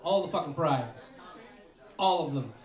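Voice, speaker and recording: Sarcastic high-voiced stand-up comic. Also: male voice, animated, a little slow. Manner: crude, sarcastic. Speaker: stand-up comedian. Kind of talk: live stand-up set. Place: small comedy venue. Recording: echoey club with live crowd.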